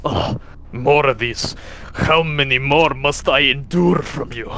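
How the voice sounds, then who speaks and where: A man voicing a proud, embattled human warrior who shouts back in bitter defiance. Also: deep voice, measured pace, creaky. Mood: angry, exasperated.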